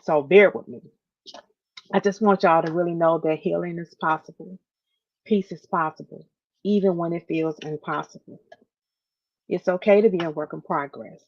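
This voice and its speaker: Emotional woman podcast host, low-pitched. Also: creaky. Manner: emphatic, repeats phrases, addresses listeners as y'all. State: near tears. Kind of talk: heartfelt podcast talk to listeners. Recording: dull lo-fi audio.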